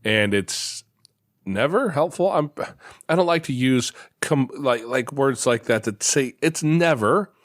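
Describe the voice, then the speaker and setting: A man's voice: mid-range voice, expressive, a little slow, no room sound, studio quality. A man hosting an interview from his office, talking in a reflective, storytelling way and repeating words as he thinks. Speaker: podcast host. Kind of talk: conversational interview. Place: home office.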